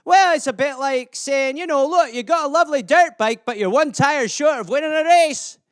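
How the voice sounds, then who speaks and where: A man's voice: extremely high pitch, normal speed, no room sound, studio quality, pitched above the performer's own voice. A man voicing a chatty Scottish man who rambles through made-up sayings, cheerfully insulting his listener. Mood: cheeky.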